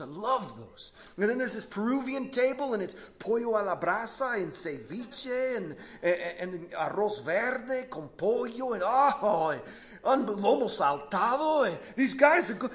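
A man with a high-pitched voice preaches a sermon, retelling a Bible story with lively, animated storytelling. He frequently breaks off mid-sentence and restarts, swinging between hushed moments and emphatic, rising passages.

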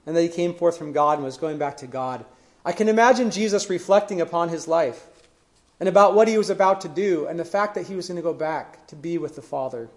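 Preaching a sermon, a man earnestly retells stories from scripture, his voice dropping to a hush at the close of phrases. He speaks with a fairly high pitch and fairly quickly.

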